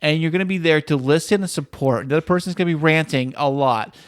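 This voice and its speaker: Guy cohost, kinda high voice, goofs around a lot, rambles, dry sound. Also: quick pace, clean tone, dry recording. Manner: jokey, playful, rambling with fillers. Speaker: podcast co-host. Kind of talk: casual chat.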